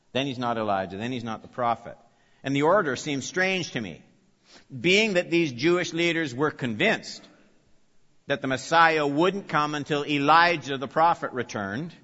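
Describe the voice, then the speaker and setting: A man's voice: medium pitch, pushed and bright. A man preaching an expository sermon, emphatic, repeating key phrases and putting questions to his listeners. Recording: long reverb, dull lo-fi sound.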